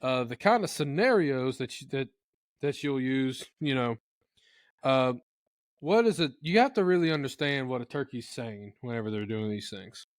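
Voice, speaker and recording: The guest here is a turkey-calling expert teaching his craft in an upbeat, casual how-to talk, breaking into funny turkey impressions. He has a mid-range voice at a moderate pace, recorded with no echo.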